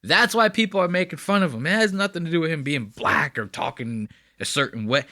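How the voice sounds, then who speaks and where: A man's voice: a little high, lively intonation, brisk, sharp tone, dry recording, studio quality. A man giving blunt, profane, chatty commentary on comedy clips. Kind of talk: casual commentary.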